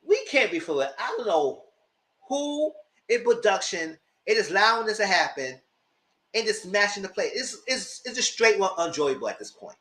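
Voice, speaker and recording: A man's voice: sits high, very animated, normal speed, pushed and bright. A man giving a casual live review of a reality TV show, retelling scenes with exasperation and cursing.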